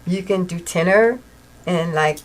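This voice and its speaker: A woman's voice: lowish voice, measured pace, poor audio. A woman hosting an interview, encouraging her guest and agreeing often in casual chat. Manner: encouraging, frequent backchannel agreement. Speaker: host.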